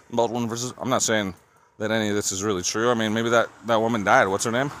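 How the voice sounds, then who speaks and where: A man's voice: on the low side, fairly even intonation, fast talker, a bit bright. A man vlogging on a walk outdoors, rambling and then ranting angrily with a lot of swearing. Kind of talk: rambling walking vlog monologue. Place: outdoors on city streets. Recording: faint street noise behind.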